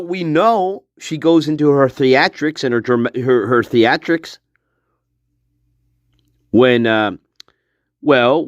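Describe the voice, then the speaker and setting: A man's voice: mid-range voice, no room sound, dull audio. A man hosting a casual true-crime commentary video, blunt and mocking, swearing freely and chuckling between remarks.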